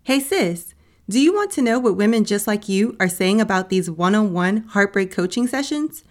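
Woman, podcast host, encouraging, faith-based talk, mid pitch. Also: lively intonation, normal speed. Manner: warm encouraging, addresses listener as sis, fillers like "like, you know". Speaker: podcast host and heartbreak coach.

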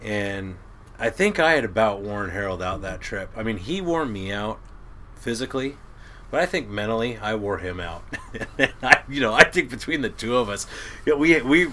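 A middle-aged man, a crab boat captain, telling stories in a casual, gruff and animated way. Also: lowish voice, slight background noise. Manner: gruff, animated storyteller who laughs at his own tales. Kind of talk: casual storytelling.

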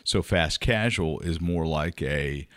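Low-voiced guy hosting a chatty podcast, teasing his buddies, dry close mic. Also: slow pace, fairly bright tone, no room sound. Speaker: podcast host. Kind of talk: casual chat.

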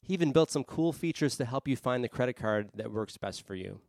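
A man hosting a personal finance podcast, reading a clear scripted introduction. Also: medium pitch, lively intonation, brisk, a little mellow, dry recording, clean studio sound. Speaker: podcast host. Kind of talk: scripted narration.

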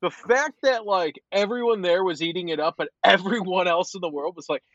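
A man's voice: sits high, fairly quick, a bit bright, no room sound, dull audio. A man hosting a casual sports podcast, joking and steering the talk between segments. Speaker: podcast host.

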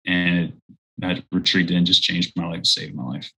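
A man's voice: low-pitched, fairly even intonation, a little slow, vocal fry, bright, forceful tone, slightly rough, poor audio. A man in his thirties earnestly telling a personal faith story as an interview guest. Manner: earnest storytelling, acts out quoted voices. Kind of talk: personal testimony in conversation.

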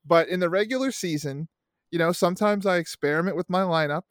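A middle-aged man, a podcast co-host who also coaches youth baseball, chats casually and tells rambling, profane stories about youth sports. His voice is high and he talks fast, recorded at studio quality with no echo.

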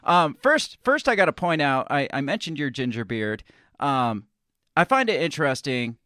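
A man's voice: on the high side, very animated, moderate pace, bright, forceful tone, no echo, clean studio sound. A man hosting a podcast in a loose, joking way, chatting and laughing with a guest. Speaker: podcast host. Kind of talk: casual podcast chat.

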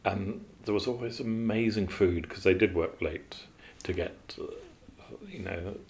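A man with a very low voice recalls his years as an animator in a relaxed interview. He wanders through his stories, trailing off with ums and starting over mid-sentence. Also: unhurried. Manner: rambling, with many fillers and restarts. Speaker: animator guest. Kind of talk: interview storytelling.

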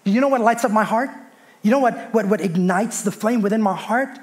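A pastor in his thirties delivers a lively sermon in a notably high-pitched voice. He preaches with a storyteller's flair, slipping into soft, hushed voices when he acts out his children and God. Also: fairly quick.

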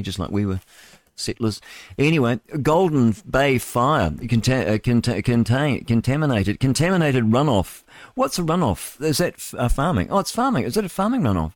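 A lowish male voice, recorded dry and close with no room around it. He hosts talk radio in a loose, opinionated ramble, chuckling and stumbling as he reads headlines. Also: no echo. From New Zealand. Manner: stumbles over words while reading headlines aloud. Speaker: radio host. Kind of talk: live talk radio, reading and riffing on news.

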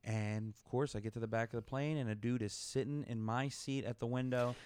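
A man's voice: medium pitch, steady tone, fairly quick, darkish tone, slight background noise. A young man co-hosting a podcast, telling a story in casual chat and acting out both sides of it. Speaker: podcast co-host.

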